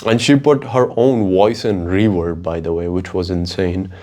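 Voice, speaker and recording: Profane rambling low-voiced man. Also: moderate pace. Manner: profane, rambling, animated storytelling. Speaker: podcast host. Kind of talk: casual solo monologue.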